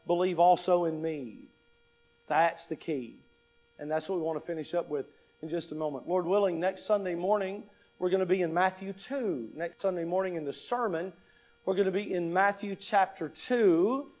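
A pastor with a high voice for a man delivers a Sunday sermon. He talks in a loose, conversational way, throwing out rhetorical questions before reading a passage of scripture aloud. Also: moderate pace, a little mellow, poor audio.

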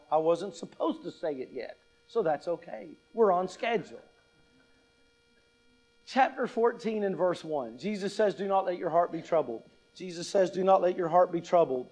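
High-voiced pastor preaching conversationally. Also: male voice, poor audio. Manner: conversational preaching with rhetorical questions; reads scripture aloud. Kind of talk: sermon.

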